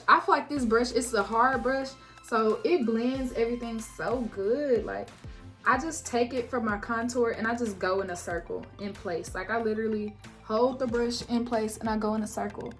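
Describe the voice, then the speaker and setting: Young woman beauty vlogger, frank storyteller, high voice in an echoey room with soft music under her. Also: normal speed. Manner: animated, swings into loud high-pitched quotes of herself and others; casual and frank, swears freely, chats to viewers as "y'all". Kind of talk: storytime while doing makeup.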